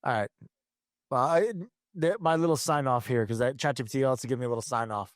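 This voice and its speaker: A man's voice: medium pitch, fast, clear, resonant tone, no echo, clean studio sound. A man in his thirties co-hosting a casual podcast, rambling and swearing with frequent restarts and laughs. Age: 30s. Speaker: podcast co-host. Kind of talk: casual chat.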